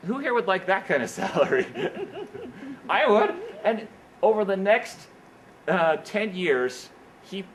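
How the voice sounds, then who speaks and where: Speaking slowly with long pauses in a high-pitched voice, a man gives a motivational speech at an engineering career event held in an indoor meeting room. He tells stories animatedly and frequently repeats "what happens is, is that." The recording is rough.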